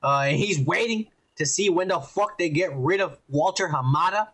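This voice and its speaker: A man's voice: high voice, moderate pace, fairly bright tone. A man hosting a podcast in profane casual chat, bossy and swearing, cutting his co-host off.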